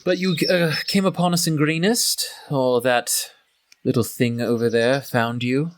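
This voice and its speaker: A man's voice: medium pitch, steady tone, measured pace, voice pushed up, lightly acted. A man voicing a scornful tiefling cultist. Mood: suspicious. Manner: sneering, condescending.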